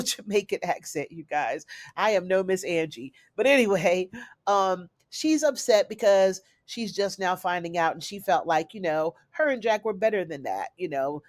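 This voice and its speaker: A woman's voice: lowish voice, no echo. A woman giving a chatty, casual recap of a TV episode, calling her viewers y'all and honey. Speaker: TV recap reviewer.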